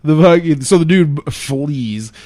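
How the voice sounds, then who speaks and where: Joking man with lively pitch. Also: a little slow. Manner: laughs often, swears freely, jokey. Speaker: podcast host. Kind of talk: casual podcast chat.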